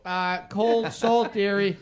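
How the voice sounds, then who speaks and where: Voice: medium pitch, steady tone, takes it slowly. A host of an internet radio show, chatting and joking with co-hosts and handing off segments in an easygoing way. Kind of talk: casual studio banter.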